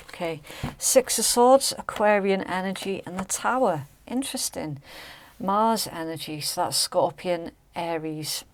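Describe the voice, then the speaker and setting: A woman talks through a tarot reading in a slow, deliberate way. Her voice sits a little low and she keeps checking in with the listener. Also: slight background noise. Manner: chatty, emphatic, checks in with "okay?" and "right?". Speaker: tarot reader. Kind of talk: casual tarot reading to camera.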